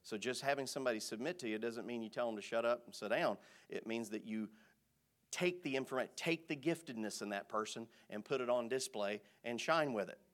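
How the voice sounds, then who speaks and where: A male pastor delivering a sermon, speaking emphatically and swinging from quiet asides to loud, stressed phrases. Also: medium pitch, brisk.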